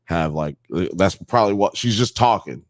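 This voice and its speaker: A man's voice: deep voice, animated, normal speed, no room sound, clean studio sound. A man co-hosting a casual podcast, talking loosely and with lots of profanity, often acting out characters in a mock New York accent. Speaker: podcast co-host.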